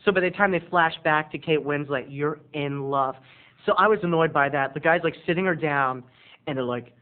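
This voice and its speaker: A man's voice: a little high, normal speed. A male video blogger doing a campy, sarcastic comic rant to camera, on tinny lo-fi audio. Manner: campy, sarcastic ranting with mock voices.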